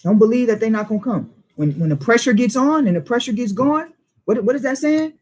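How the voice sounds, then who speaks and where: A man's voice: extremely high pitch, animated, a little fast, darkish tone. A man teaching a Bible study in informal preaching style, emphatic and full of rhetorical questions and street slang.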